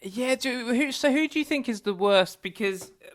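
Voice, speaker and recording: A man's voice: very high-pitched, animated, a little fast. A man co-hosting a casual podcast, conversational as he agrees and asks questions. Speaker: podcast co-host.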